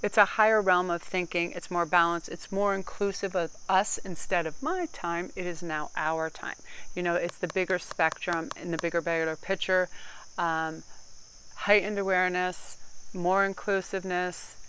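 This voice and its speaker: A woman's voice: fairly low pitch, flat delivery, moderate pace, a bit bright, a little hiss or hum, low-quality recording. A woman giving a casual tarot card reading, talking in a chatty, rambling, candid way with some casual swearing.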